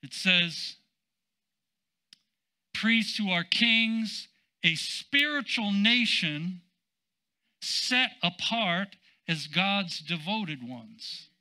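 An older man, a senior pastor, preaching a sermon in an emphatic, drawn-out way with casual asides. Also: sits high, sharp tone, poor audio.

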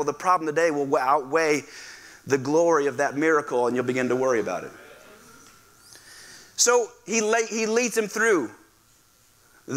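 A male pastor preaching a lively sermon, acting out voices and calling on the congregation to respond. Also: a little high. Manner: animated, acts out quoted voices, asks the congregation to respond. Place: church sanctuary.

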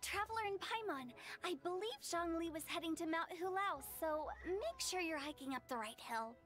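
A woman's voice: extremely high pitch, lively intonation, normal speed. A woman voicing a mischievous, playful young funeral director in a game who talks in a teasing, perky way.

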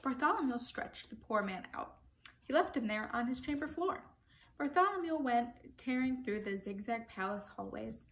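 A woman reading a children's picture book aloud in an expressive, lively storytelling manner. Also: a little high, moderate pace, slight background noise, poor audio.

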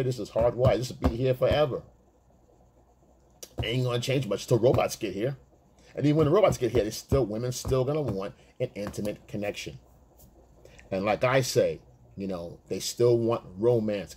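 A man's voice: on the low side, darkish tone, a little hiss or hum. A man talking as a dating coach to other men, blunt and streetwise, swearing freely and acting out chat messages. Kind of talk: casual monologue to male viewers.

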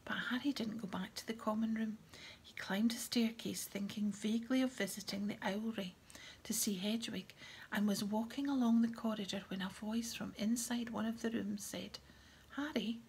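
A woman reads a novel aloud in a soft, breathy voice with a gravelly texture. Her pitch sits in the middle range, and a faint hum of background noise runs beneath her. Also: fairly even intonation, normal speed. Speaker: audiobook narrator. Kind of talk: audiobook reading.

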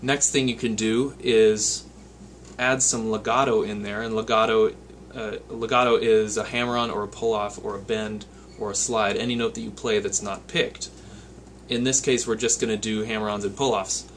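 Counting picking strokes aloud as he plays, a man teaches guitar with patient, step-by-step explanations. His lowish voice stays level at a moderate pace, with slight background noise and his own loud guitar playing underneath.

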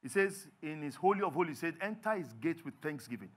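A Nigerian man preaching a sermon as pastor, animated and acting out little scenes. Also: fairly high pitch, fast. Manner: animated, acts out little scenes in others' voices. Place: church.

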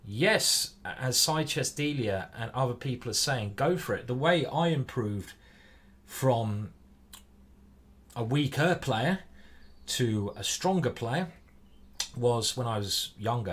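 A man's voice: medium pitch, husky. A man from England commenting casually on his own chess game as he plays live, chatting to viewers and reading out their messages. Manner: chatty, reads viewer chat aloud. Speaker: chess streamer. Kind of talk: live-stream commentary while playing.

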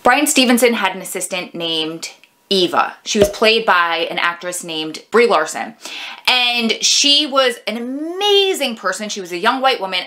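A woman giving a casual, heartfelt film review in a chatty, expressive way. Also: a little high. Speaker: movie reviewer vlogger.

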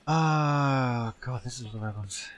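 A man playing a game with a friend, talking in quick excited bursts and laughing a lot. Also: medium pitch. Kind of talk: casual gameplay chat.

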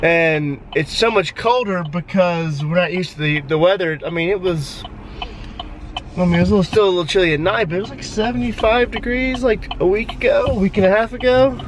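A man's voice: sits high, brisk, noisy background. A man chatting casually through his daily vlog, upbeat with jokey asides. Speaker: vlogger.

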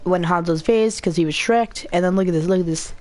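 A woman giving casual, rambling commentary while playing a video game, chatty and quick to get excited. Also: on the low side. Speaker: gamer.

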